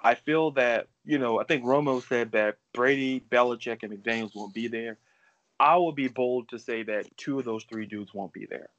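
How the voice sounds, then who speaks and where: A man hosting a sports talk show, emphatic and quick with statistics. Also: mid-range voice, fairly bright tone, lo-fi sound. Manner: emphatic, rapid-fire stats.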